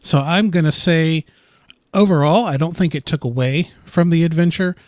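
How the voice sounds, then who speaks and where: A man's voice: a little high, normal speed, a little mellow, no echo, studio quality. A man who plays in the game, talking it over on a podcast in a thoughtful way with stammering restarts. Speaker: player. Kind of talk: podcast discussion.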